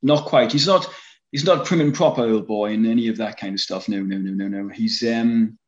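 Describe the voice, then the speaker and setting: A lowish male voice with a North East English accent moves at a moderate pace. He's from that region, a fan film actor guesting in an interview, and he rambles casually with plenty of ums and false starts; the sound is dull and lo-fi.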